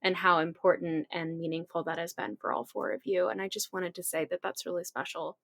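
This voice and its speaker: A woman's voice: on the low side, fairly even intonation, fairly quick, creaky, fairly bright tone, no echo, studio quality. A woman acting as a guest co-host, speaking sincerely in a casual interview.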